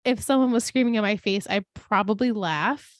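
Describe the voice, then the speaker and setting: Brief: female podcast co-host, mid-pitched, gushy and animated, dry close-miked sound. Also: normal speed, no echo. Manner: animated, gushing, quotes characters in put-on voices. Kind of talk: casual recap chat.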